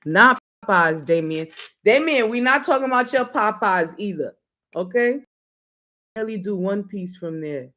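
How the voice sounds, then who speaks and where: A woman's voice: medium pitch, expressive, moderate pace, a bit bright. Blunt, playful woman talk-show host. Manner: blunt, playful, laughs often, speaks to viewers. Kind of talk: casual live-stream talk show.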